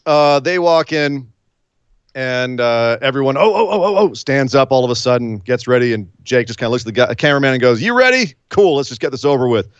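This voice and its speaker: Casting note: male host, lively pitch, wry and rambling, dry lo-fi sound. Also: brisk, clean tone, no echo. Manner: rambling, wry, throws in silly voices. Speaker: podcast host. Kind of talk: casual chat.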